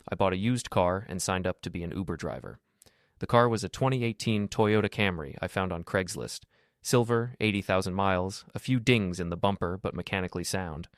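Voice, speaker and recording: A man with a very low voice narrates a scripted first-person story. His delivery is steady and matter-of-fact, and the recording is dry and close. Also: dry recording.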